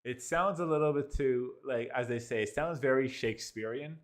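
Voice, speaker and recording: A man's voice: medium pitch, moderate pace. A man hosting a casual review, rambling with many restarts and filler words and sounding amused. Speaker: host reviewing an AI story app. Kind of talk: casual commentary.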